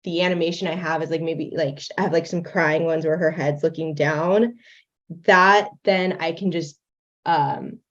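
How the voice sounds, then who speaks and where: A young woman talks through her animation setup in a loose, chatty way, full of fillers and quick laughs. Her voice sits a little low and comes over a dull, lo-fi call line. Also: fairly even intonation. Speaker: guest creator demonstrating animation software. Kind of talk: casual livestream chat. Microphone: video call.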